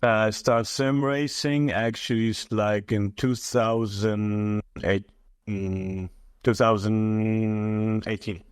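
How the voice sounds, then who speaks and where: A man speaking halting non-native English as an interview guest, hesitant with many fillers, on a phone. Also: on the low side, level tone, clear, resonant tone, dry recording, clean studio sound. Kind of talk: casual interview chat. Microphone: mobile phone.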